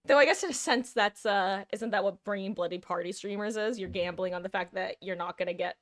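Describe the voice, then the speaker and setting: A woman's voice: mid-range voice, fairly quick, no echo, clean studio sound. A woman streaming a game live, chatting casually, answering her chat and laughing often. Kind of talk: casual chat while gaming.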